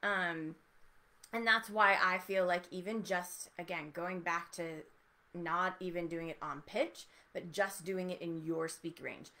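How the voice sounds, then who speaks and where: A woman voice teacher giving an encouraging, explanatory lesson with relaxed spoken demonstrations. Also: lowish voice, measured pace. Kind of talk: online voice lesson.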